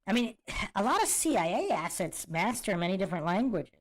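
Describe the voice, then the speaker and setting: A woman's voice: medium pitch, big pitch swings, fairly quick, very noisy. A woman hosting a podcast, reacting to clips with incredulous rhetorical questions. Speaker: podcast host. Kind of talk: reaction commentary.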